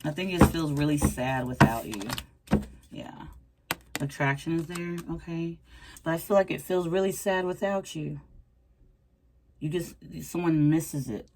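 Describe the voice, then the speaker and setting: Casual woman tarot reader, deep for her sex, teasing and chatty, over a noisy background. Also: unhurried, pauses often. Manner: playful, chatty, uses pet names.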